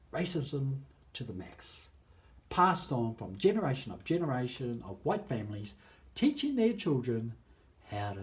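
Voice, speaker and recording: A man with a New Zealand accent delivers a passionate appeal straight to his viewers, his voice sitting at an ordinary middle pitch. He slows down to lean on key phrases, then drops to near-hushed asides before building back up. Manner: emphatic, slow drawn-out phrases, swings between loud and hushed. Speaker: campaigner addressing viewers. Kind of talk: impassioned appeal to camera.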